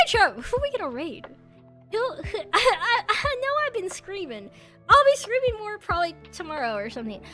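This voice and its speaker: A young woman streaming and chatting casually with viewers, animated, often yelling and laughing. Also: very high voice.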